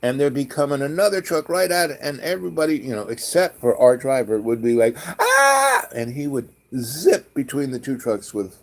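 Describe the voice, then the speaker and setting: A man casually telling a rambling, animated travel story, acting out the people in it. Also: mid-range voice, brisk, few pauses. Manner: rambling, animated anecdote with quoted voices.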